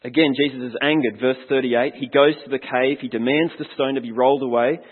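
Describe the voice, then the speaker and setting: Speaking briskly with fairly even intonation, this man has a mid-range, slightly breathy voice as he delivers a sermon as a pastor. He asks his congregation questions in an earnest, reflective way, recorded with a thin, phone-like quality and a long, echoing hall reverb.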